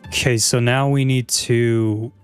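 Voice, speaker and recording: A man's voice: mid-range voice, fairly even intonation, slow pace, faint music behind. A man streaming a video game, chatting casually and answering viewers' questions with easy chuckles. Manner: laid-back, chuckling, rambling restarts. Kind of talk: casual gameplay commentary, answering chat.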